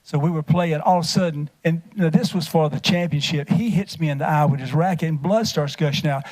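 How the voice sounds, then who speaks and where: A man's voice: on the high side, fairly quick, a little mellow. Folksy man telling funny stories. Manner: folksy, jokey storytelling, laughing often. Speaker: council member. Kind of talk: anecdotal tribute speech. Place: council chamber.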